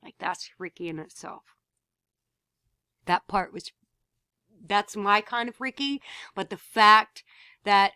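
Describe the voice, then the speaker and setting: A woman speaks straight to her camera from home, telling a story in a loose, blunt way. She swears freely and repeats words when she gets worked up. The sound is dry, with no room echo, and her pitch sits in the middle. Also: slow, pauses often, pushed and bright, clear, resonant tone. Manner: blunt, swears freely, repeats herself, rising to emphatic outbursts. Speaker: vlogger.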